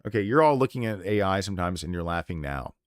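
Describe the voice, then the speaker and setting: A man's voice: deep voice, animated, fast, no room sound. Fiery, foul-mouthed man ranting, dry sound. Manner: profane, impassioned and blunt. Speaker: game streamer. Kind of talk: unscripted rant on a live stream.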